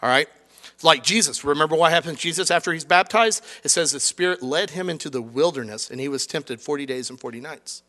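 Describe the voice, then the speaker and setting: A middle-aged man preaching a sermon in a conversational, animated way, acting out quoted lines. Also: fairly high pitch, fairly quick. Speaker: pastor.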